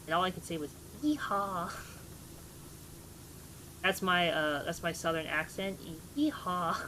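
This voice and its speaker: A woman's voice: low voice, steady tone, fairly quick, sharp tone, slight background noise. A woman in her twenties, a streamer chatting casually with her live chat, talking about herself and greeting viewers.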